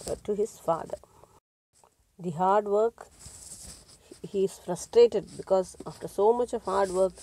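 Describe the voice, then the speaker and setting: A woman's voice: medium pitch, warm tone, poor audio. A woman teacher explaining a story to schoolchildren, repeating and rephrasing with frequent hesitations.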